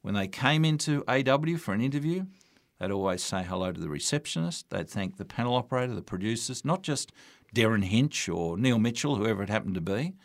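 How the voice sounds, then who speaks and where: Older man, Australian accent, lowish voice, dry close sound, anecdotal storyteller. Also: animated, brisk, dry recording. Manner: anecdotal, warm storytelling with quoted dialogue. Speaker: radio broadcaster and MC. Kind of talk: storytelling interview answers.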